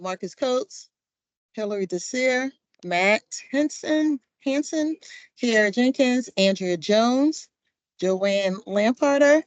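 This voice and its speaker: Slow, casual woman chairing a meeting. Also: mid-range voice, dry recording, lo-fi sound. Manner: informal, upbeat, loose with fillers. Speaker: commission chair. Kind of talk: running a meeting roll call.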